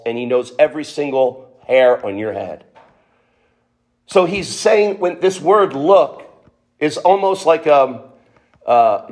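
A man preaching a sermon, emphatic, asking the listeners questions and acting out quotes. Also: a little high.

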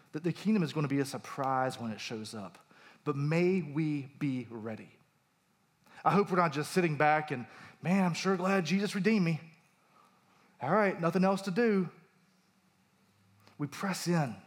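A man in his thirties, a pastor, preaching a conversational sermon with personal stories and emphatic rises. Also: fairly high pitch.

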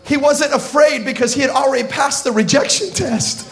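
Brief: energetic male pastor, high-pitched, comic storytelling sermon. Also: moderate pace, gravelly. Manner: animated, humorous storytelling with slang.

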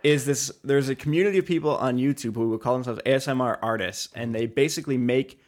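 A man's voice: medium pitch, quick pace, darkish tone. A man with a mid-range voice leads a casual podcast chat. He asks follow-up questions and brings up new topics. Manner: inquisitive, steers the topic. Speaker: podcast co-host.

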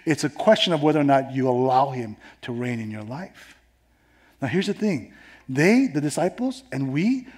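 Male pastor from New York, husky and breathy, animated sermon delivery with loud and hushed swings. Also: mid-range voice, a little fast. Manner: animated preaching, swinging between loud emphasis and hushed tones. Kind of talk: sermon with personal story.

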